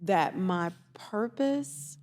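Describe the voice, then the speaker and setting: A woman's voice: mid-range voice, animated, extremely slow, a little mellow. A woman from Atlanta, a therapist guest on a podcast, telling reflective stories in an earnest, emotional way. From Atlanta, Georgia. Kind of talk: casual interview chat.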